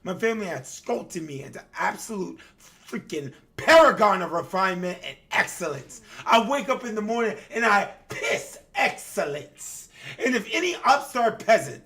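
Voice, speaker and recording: A man's voice: mid-range voice, lively intonation, moderate pace, creaky, hardly any pauses. A man voicing an arrogant rich young male student who talks in a pompous, sneering, emphatic way. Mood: haughty. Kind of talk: reading game dialogue aloud.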